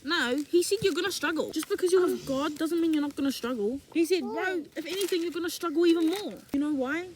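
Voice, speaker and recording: A woman's voice: sits high, fast talker, hardly any pauses, a little mellow, a little hiss or hum. A young woman talking casually and animatedly to camera about faith, in slangy, preachy, rhetorical speech. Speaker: faith vlogger.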